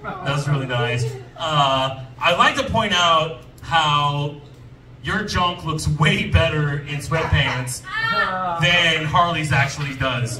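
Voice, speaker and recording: A man's voice: on the high side, slow, sharp tone. A man doing a loose, teasing, profane stand-up set on a club stage. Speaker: comedian. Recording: roomy distant club sound with music and crowd.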